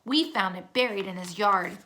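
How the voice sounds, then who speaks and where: Storybook kid lead: eager, urgent young boy, voiced by a bright-toned woman reader. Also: medium pitch, normal speed, close to an everyday voice. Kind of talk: storybook read-aloud.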